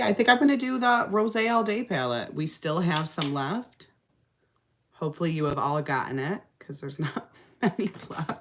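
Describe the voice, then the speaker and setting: A woman's voice: medium pitch, slight background noise. A young adult woman hosting a casual makeup livestream, reading out comments, sounding tired, laughing often and trailing off into fillers.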